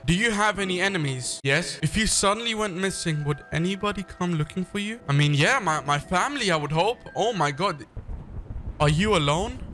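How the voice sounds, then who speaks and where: A man doing excitable, joking let's-play commentary on a horror game from his bedroom gaming setup. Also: a little high, slight background noise. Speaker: gaming YouTuber.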